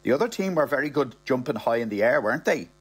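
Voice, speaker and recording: A man's voice: mid-range voice, expressive, fast, slightly rough. A man with an Irish accent voicing a brazen middle-aged woman who talks in a breezy, matter-of-fact way. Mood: airy.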